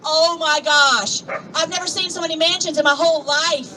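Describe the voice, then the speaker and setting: An older woman gives an impassioned rally speech outdoors. She reads scripture and calls out to the crowd, swinging between soft asides and shouts. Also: sits high, steady tone, moderate pace. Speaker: rally speaker. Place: outdoor plaza at a protest march. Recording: distant outdoor recording with crowd noise. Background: murmuring crowd and street noise.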